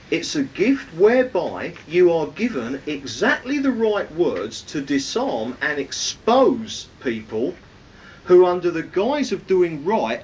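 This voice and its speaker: Male preacher, lively pitch, fairly high voice, emphatic Bible teaching with rhetorical questions. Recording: distant mic, faint rumble.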